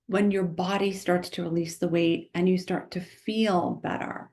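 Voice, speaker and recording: Her voice fairly low, steady and somewhat dark, a woman appears as a nutritionist guest on a podcast interview. She is emphatic and quick, speaking with conviction and tagging her points with "right?" along the way.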